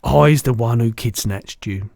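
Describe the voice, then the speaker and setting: A man voicing a huge, kindly, soft-hearted old male giant in a storybook reading, speaking slowly and loudly in mangled grammar. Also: medium pitch, vocal fry, dry recording, clean studio sound. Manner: mangled grammar, slow and loud.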